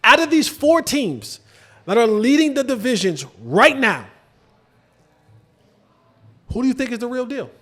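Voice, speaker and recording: A man hosting a sports show, talking casually about football with lively swings and rhetorical questions to viewers. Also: a little slow, long pauses. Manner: animated, drops to low emphatic asides, rhetorical questions to viewers. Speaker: sports podcast host. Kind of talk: casual football commentary to camera.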